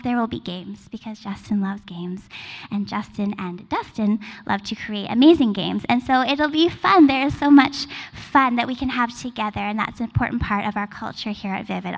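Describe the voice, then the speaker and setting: A woman in her forties giving a sermon as a pastor, speaking in a casual, chatty way full of fillers. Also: fairly high pitch. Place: church hall. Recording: long hall reverb.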